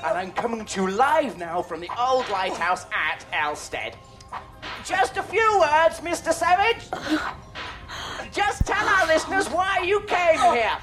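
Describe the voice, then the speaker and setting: An actress playing a pushy, excited radio reporter pressing for a few words, sometimes shouting. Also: female voice, high-pitched, a little slow, music in the background. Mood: eager.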